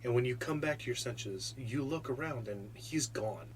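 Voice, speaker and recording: A man narrating as game master of a tabletop game, relaxed and loose, with many fillers. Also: mid-range voice, moderate pace, slight background noise.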